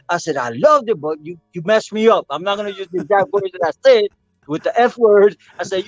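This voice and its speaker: An older man, a percussionist, telling a story with animated energy, acting out voices and singing rhythms. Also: high voice, a little fast, no echo, muffled recording. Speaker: percussionist guest. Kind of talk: storytelling interview.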